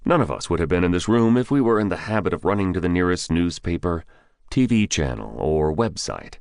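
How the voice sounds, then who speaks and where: A man voicing a calm, terse former special-forces mercenary who answers in short, respectful replies. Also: low-pitched, a little fast, creaky, smooth, no room sound, studio quality.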